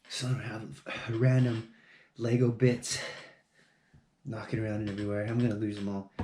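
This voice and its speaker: A man's voice: medium pitch, mellow, a little hiss or hum. A man vlogging on his own, mumbling to himself and mocking himself, with plenty of swearing. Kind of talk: casual solo vlog talking to camera while building. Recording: echoey room.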